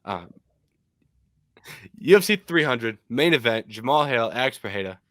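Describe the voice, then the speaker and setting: A young adult man from Michigan co-hosting a casual MMA podcast, opinionated and animated with frequent ums. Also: mid-range voice, moderate pace, no room sound, studio quality.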